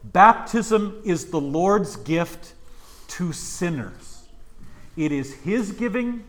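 A man's voice: high voice, animated, very slow. A male pastor preaching a sermon in church, emphatic and full of rhetorical questions.

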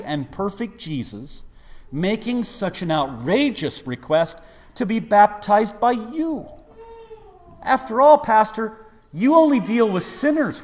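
A man's voice: high voice, exaggerated voice. A man preaching, acting out exasperated church members who scold their pastor in a mock-polite way. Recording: long reverb of a large hall.

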